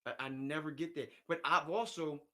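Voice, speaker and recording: A man's voice: fairly high pitch, steady tone, moderate pace, fairly bright tone. Man, livestream host, rambling and repetitive, fed-up tone, reads chat aloud, casual talk.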